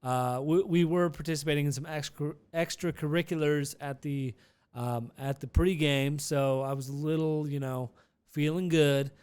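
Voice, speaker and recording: A man's voice: on the high side, steady tone, moderate pace, a little mellow, clean tone. A man telling a casual, rambling vlog story with many restarts and some profanity.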